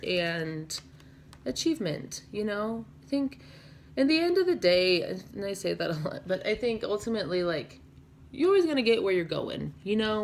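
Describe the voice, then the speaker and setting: A woman's voice: on the low side, a little hiss or hum. A young woman giving a casual tarot reading to her viewers, rambling and dreamy, full of "like" and "you know". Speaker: tarot reader.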